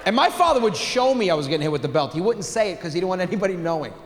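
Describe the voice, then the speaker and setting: A middle-aged man doing a stand-up comedy set, telling stories in a loud, animated way on a theater stage. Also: sits high, rapid-fire. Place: theater stage with live audience. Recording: live hall reverb, faint room noise.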